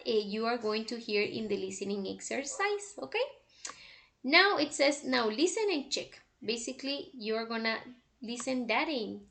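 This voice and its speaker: Brief: fairly high-voiced woman teacher, explains step by step. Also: fairly bright tone. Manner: explanatory, repeats "okay?" often. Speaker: English teacher. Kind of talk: recorded lesson walkthrough.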